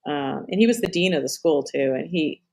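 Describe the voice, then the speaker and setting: A woman's voice: low voice, lively intonation, brisk, vocal fry, darkish tone. A middle-aged woman hosting a live stream in casual chat, rambling off on tangents, swearing and laughing often.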